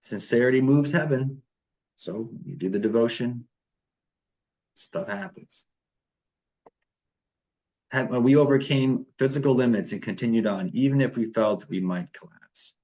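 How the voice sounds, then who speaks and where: A man's voice: medium pitch, unhurried, long pauses, mellow, dull audio. A man leading a morning devotion over a video call, reading passages aloud and then talking them through with fillers and restarts.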